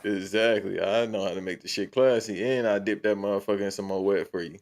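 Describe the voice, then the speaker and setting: A man with a fairly low voice jokes around in a crude, storytelling way. His talk is relaxed podcast banter between friends. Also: a little fast. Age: adult. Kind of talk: casual chat.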